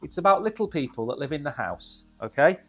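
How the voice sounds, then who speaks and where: A man's voice: fairly high pitch, lively intonation, a little fast, a bit bright, soft background music. A man co-hosting a casual crypto stream, chatty and joking. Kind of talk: casual chat.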